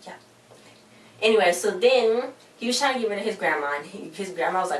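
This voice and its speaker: A woman's voice: medium pitch, expressive, fast. A woman rambling through a casual TV recap with slangy, exasperated asides. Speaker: TV episode reviewer. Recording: roomy echo, distant mic, faint hiss.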